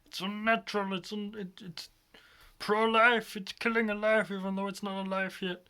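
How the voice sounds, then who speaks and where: A man putting on a slow-witted male protester voice that sounds dumb and halting. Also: high voice, level tone, bright, forceful tone, clear, resonant tone, voice pushed up. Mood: dim-witted. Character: dim-witted male anti-abortion protester.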